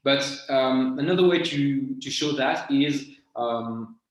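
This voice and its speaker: A man, a guest mentalist in an interview, speaking in a halting way as he searches for words. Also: medium pitch. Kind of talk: conversational interview. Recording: very echoey room.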